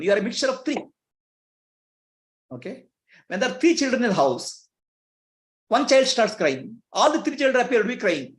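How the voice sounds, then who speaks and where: In an echoey room, a male spiritual teacher addresses his listeners, his pitch rising and falling freely. He poses rhetorical questions and chuckles between points.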